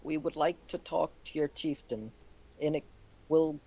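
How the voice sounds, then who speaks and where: A man's voice: a little high, measured pace, dark tone, husky, poor audio. A man playing in a tabletop game, coaxing and bargaining, sometimes in broken in-character phrasing.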